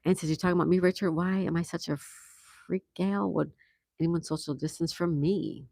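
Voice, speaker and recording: A man's voice: fairly high pitch, steady tone, moderate pace, vocal fry, darkish tone, no echo. A man hosting a casual livestream, reading viewer comments aloud and reacting with easy laughs. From United States. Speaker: livestream host reading chat. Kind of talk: casual live chat.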